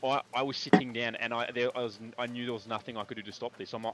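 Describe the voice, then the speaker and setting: A man's voice: medium pitch, steady tone, fast talker, a bit bright. A young Australian man casually telling a rambling story, swearing often and filling his talk with "like". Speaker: streamer. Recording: noisy stream audio.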